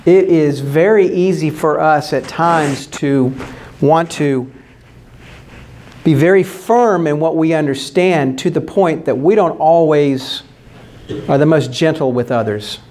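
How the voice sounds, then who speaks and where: A man's voice: on the high side, takes it slowly, pauses often, a little mellow, a little hiss or hum. A man preaching a sermon as pastor, earnestly explaining scripture and posing rhetorical questions.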